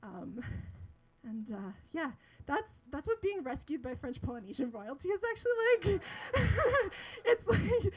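A woman's voice: sits high, very animated, measured pace, rough recording. A young woman telling a personal story to an audience, chatty and laughing often, with lots of filler words.

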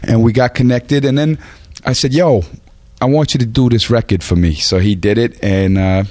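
A man's voice: mid-range voice, normal speed, a little mellow, dry recording. A man being interviewed as a rapper, telling rambling, profane stories and often laughing as he talks. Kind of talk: casual storytelling in an interview.

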